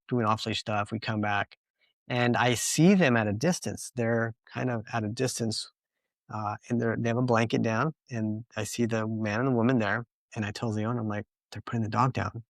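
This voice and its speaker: A man in casual podcast talk, telling a long personal story in a sincere, meandering way, full of "you know"s and restarts. His voice sits at an ordinary middle pitch, and the recording is dry and close, with no room sound. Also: fairly even intonation, a little fast, no echo. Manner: earnest, rambling storytelling with many fillers. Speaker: dog trainer and podcast co-host.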